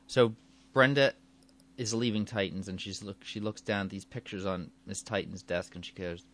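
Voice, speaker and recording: A man's voice: sits low, normal speed, fairly bright tone. A man hosting his own podcast in a casual, rambling way, chuckling often and restarting his sentences. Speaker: podcast host. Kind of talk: casual solo podcast chat.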